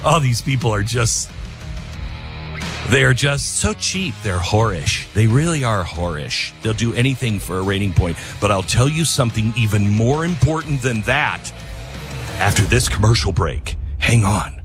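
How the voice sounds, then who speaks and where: A man's voice: fairly low pitch, animated, normal speed, music in the background. A man hosting a radio talk show, reading live ads and ranting in a rambling, self-mocking way.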